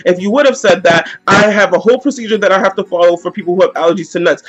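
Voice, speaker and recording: A woman's voice: lowish voice, quick pace, few pauses, lo-fi sound, faint music behind. A young woman telling a heated, slangy story in a storytime vlog. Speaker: vlogger.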